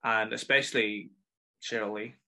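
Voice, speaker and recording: A man's voice: on the low side, steady tone, normal speed, vocal fry, pushed and bright. A man with a Northern Irish accent hosting a casual film review podcast, chatty and enthusiastic as he rambles through his thoughts. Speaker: podcast host.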